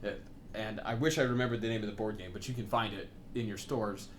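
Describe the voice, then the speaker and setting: A man's voice: lowish voice, fairly even intonation, fast talker. Man, casual gaming chat, rambling, lots of fillers, faint background noise. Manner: rambling, many fillers and asides, laughs often. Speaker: co-host.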